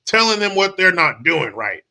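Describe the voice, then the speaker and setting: A man's voice: high-pitched, big pitch swings, normal speed, creaky, sharp tone. A man from the United States hosting a commentary show, ranting with sarcastic, crude, combative talk. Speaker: commentary channel host.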